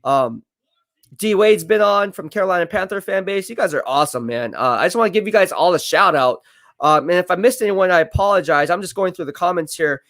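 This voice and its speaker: A man's voice: high voice, expressive, a little fast, fairly bright tone, no echo, studio quality. A man hosting a live stream, casually thanking viewers by name with lots of fillers. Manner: thankful, reads out viewer names with many fillers.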